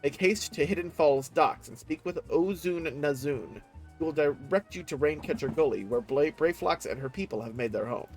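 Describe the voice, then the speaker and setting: A man's voice: a little high, moderate pace, faint music behind, lightly acted, low-quality recording. A man reading aloud the lines of a dignified older sea captain in a game, using formal, old-fashioned phrasing. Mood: earnest.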